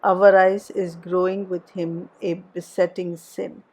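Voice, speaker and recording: A woman's voice: on the low side, little pitch movement, unhurried, darkish tone. A woman reading aloud, voicing an imperious young lady who scolds in a raised, emphatic voice. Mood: scornful. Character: imperious young lady, scornful and sharp-tongued.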